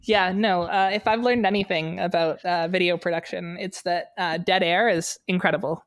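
A woman's voice: fairly low pitch, steady tone, normal speed, few pauses, dry recording, studio quality. A young woman co-hosting a casual podcast, rambling and playful with plenty of fillers, recording in an unfinished basement. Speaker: podcast co-host. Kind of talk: casual chat.

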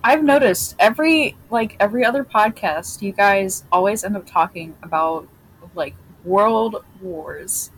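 Podcast guest lady, husky breathy voice, teasing and goofy. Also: mid-range voice, a little slow, poor audio. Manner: playful, teasing. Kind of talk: casual chat.

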